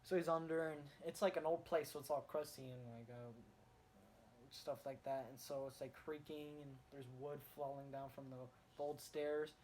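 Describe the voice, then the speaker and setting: A young man casually retelling a comic book story, rambling with fillers and restarts and getting excited in bursts. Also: a little high, normal speed. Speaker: comic reviewer. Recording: faint background noise, home recording.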